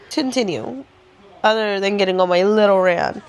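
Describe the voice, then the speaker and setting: A woman's voice: mid-range voice, normal speed, slight background noise. A young woman from the United States chatting casually at home as a book vlogger, recapping and ranting with bursts of laughter. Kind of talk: casual chat.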